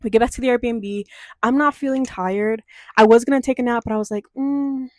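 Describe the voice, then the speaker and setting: A young woman from Denver vlogging a casual storytime, animated and profane, acting out quoted voices. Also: fairly high pitch, fairly quick, no echo. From Denver, USA.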